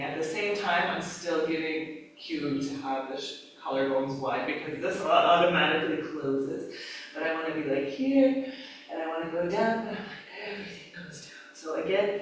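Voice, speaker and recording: A woman training yoga teachers, talking casually and acting out her cues, with frequent laughs. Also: on the low side. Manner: casual, lively, acts out cues, laughs often. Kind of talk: live teacher-training class talk. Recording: echoey room, mic far off.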